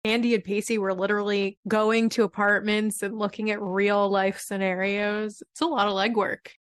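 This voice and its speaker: A woman co-hosting a podcast, telling scenes in animated casual chat full of "like". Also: mid-range voice, moderate pace, dry recording. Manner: animated storytelling with lots of "like". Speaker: podcast co-host.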